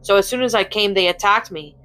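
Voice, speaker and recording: A woman's voice: medium pitch, fairly quick, pushed and bright, smooth, lightly acted. A woman voicing a sulky, grumbling male wind god. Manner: muttering, sulky and irritable.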